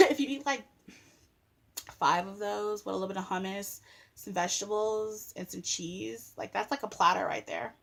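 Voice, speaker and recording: A woman's voice: medium pitch, normal speed, creaky, fairly bright tone. A young woman venting on her vlog, blunt and sassy, swearing freely as she complains about people telling her what to eat. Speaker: vlogger. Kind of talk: casual vlog rant.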